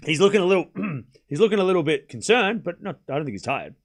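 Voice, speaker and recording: A man's voice: high voice, slightly rough. A man hosting a live tennis watchalong stream, calling points and thanking viewers in casual chat. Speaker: livestream host.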